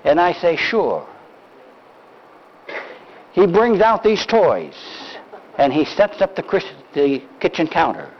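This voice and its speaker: An older man preaching a sermon, telling a story in an animated, deliberate way, heard on a dull lo-fi recording. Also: on the high side. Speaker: pastor.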